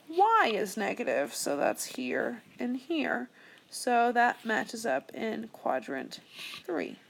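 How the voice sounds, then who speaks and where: Young woman teacher talking thru math problems step by step, kinda high voice with some fry. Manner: steady step-by-step explaining, thinking aloud. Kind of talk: screen-recorded math lesson.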